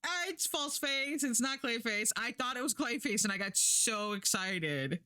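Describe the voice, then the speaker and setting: A woman's voice: a little high, lively intonation, unhurried, pushed and bright, clean tone, dry recording, clean studio sound. A woman streaming live, chatting casually and rambling while she works, laughing often and swearing now and then.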